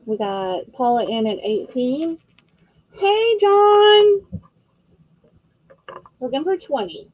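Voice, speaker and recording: A woman runs a live-stream vintage sale in a chatty, friendly way, taking her time over each piece. Her voice sits a little high and sounds close and dry, with no room echo. She fills gaps with little ums and corrects herself as she goes. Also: animated, slow pace, long pauses, highs cut off. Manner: chatty and friendly, describing items with frequent fillers and self-corrections. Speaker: host of a live online vintage auction. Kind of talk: casual live-stream selling.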